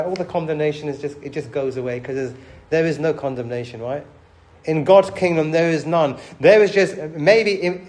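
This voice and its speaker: A man preaching a passionate sermon to his church, swinging between loud exhortation and low, intimate asides. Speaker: pastor.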